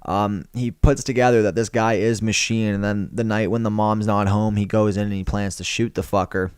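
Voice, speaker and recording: A man's voice: on the low side, level tone, moderate pace, a little mellow, clean tone, no room sound, clean studio sound. A young man casually recapping a film plot, swearing freely and rambling as he tells it. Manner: profane, rambling storyteller. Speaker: film reviewer.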